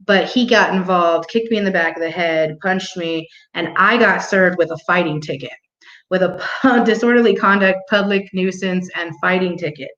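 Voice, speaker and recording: A woman's voice: lowish voice, normal speed, a bit bright. Blunt, profane woman in a roomy room. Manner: blunt, profane storytelling with laughs. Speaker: vlog host. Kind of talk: casual monologue. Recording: roomy, muffled home recording.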